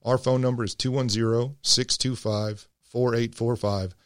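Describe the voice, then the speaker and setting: A man, a financial advisor, explaining business transition in a measured way. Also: medium pitch, fairly even intonation, smooth, no room sound, clean studio sound. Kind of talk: scripted radio segment.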